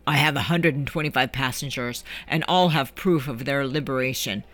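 A woman's voice: rumbling low, moderate pace, a bit bright. A woman voicing an irritated, officious male ship official in a storybook reading. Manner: curt, officious.

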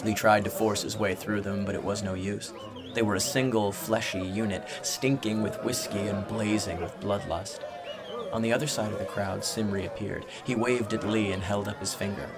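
A man reading a fantasy audiobook as narrator, with measured, dramatic storytelling. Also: on the low side, fairly even intonation, a loud crowd.

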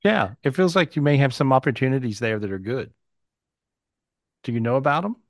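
A man's voice: medium pitch, big pitch swings, fairly quick, dry recording. Chatty man giving readings, dry sound. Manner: chatty, reassuring, repeats himself. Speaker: psychic host. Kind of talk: live video-call reading. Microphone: video call.

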